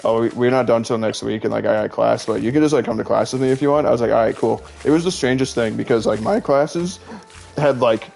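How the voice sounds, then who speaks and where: A man's voice: mid-range voice, fast talker, creaky, a little mellow, soft background music. A young man in his twenties, a streamer chatting casually and rambling through stories, saying "like" constantly. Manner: rambling, heavy use of "like", chatty storytelling. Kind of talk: casual chat.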